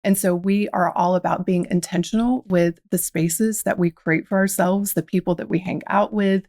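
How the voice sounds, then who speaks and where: A lowish, darkish female voice with fairly even intonation moves at a moderate pace in a dry recording. She's from the American South and, as a guest in a podcast interview, tells her story reflectively through quoted inner dialogue.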